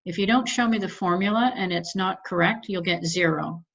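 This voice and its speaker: A woman's voice: fairly low pitch, normal speed, creaky, a bit bright. A woman teacher walking students through an assignment step by step, patient and methodical, firm about showing their work. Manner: firm about marking rules. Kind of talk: recorded class lecture with screen share. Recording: muffled lo-fi audio.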